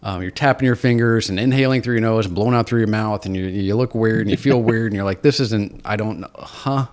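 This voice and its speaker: A man's voice: on the low side, fairly even intonation, fast talker, a little mellow. A man from Seattle, a podcast guest, candidly telling his personal story in an earnest, self-deprecating, reflective way. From Seattle, USA.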